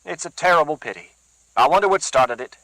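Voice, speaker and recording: Stern, slow old man of eighty-six read by a male narrator, bright and dry. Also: fairly high pitch, animated, no room sound, pitched above the performer's own voice, low-quality recording. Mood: grave. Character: 86-year-old man, stern, wise and defiant.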